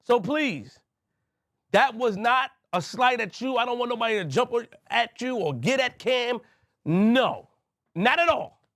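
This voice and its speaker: A man's voice: very high voice, animated, a little slow, a bit bright, no echo, studio quality. A man from Queens, a podcast host speaking to camera, emphatic and repetitive as he addresses someone directly. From Queens, New York.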